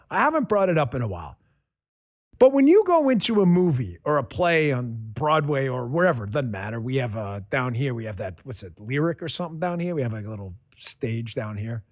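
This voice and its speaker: A man hosting a political commentary show, talking in a sarcastic, riffing monologue. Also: a little high. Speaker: host.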